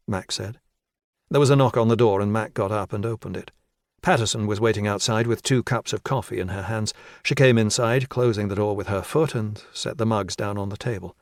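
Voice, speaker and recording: This is scripted narration of a crime thriller audiobook, voiced by a man with a low-leaning pitch and an even, deliberate pace. The audio has studio quality with no room sound at all.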